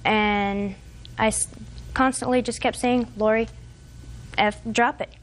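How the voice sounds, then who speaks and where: A woman's voice: fairly high pitch, fairly even intonation, slow, slight background noise. A woman in her twenties testifying as a defendant in a TV courtroom, telling a long, hesitant, rambling account. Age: 20s.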